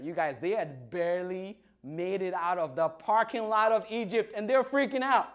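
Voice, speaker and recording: A man's voice: sits high, normal speed, few pauses. A man preaching to an online congregation, playfully retelling scripture in modern slang and acting out the people's lines. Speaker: pastor.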